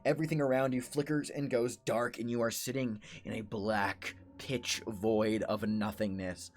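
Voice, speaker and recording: A man's voice: on the low side, little pitch movement, normal speed. A man narrating as game master of a horror tabletop game, describing scenes ominously.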